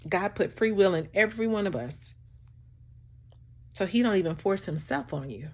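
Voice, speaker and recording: A woman vlogger speaks to the camera with a heartfelt, animated, somewhat preachy motivational message, laughing often and calling the listener "child" and "baby." Her pitch is medium and her pace moderate.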